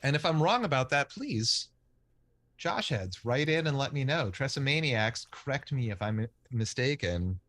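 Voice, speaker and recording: A man co-hosting a casual podcast chat, joking in a deadpan, mock-formal way. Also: mid-range voice, moderate pace. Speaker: podcast co-host.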